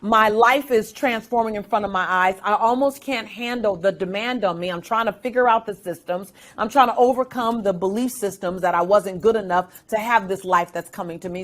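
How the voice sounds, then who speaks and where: A woman guest in a casual interview, telling stories with lively, acted-out quotes and frequent laughter. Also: medium pitch. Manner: animated storyteller, acts out quotes.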